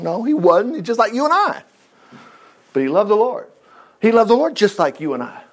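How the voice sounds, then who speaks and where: A man with a high-pitched voice walks through a Bible story at a casual study. He reads the verses, then breaks off into folksy jokes and asides. His delivery swings between loud, emphatic bursts and low mutters. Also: very animated, brisk. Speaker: Bible teacher.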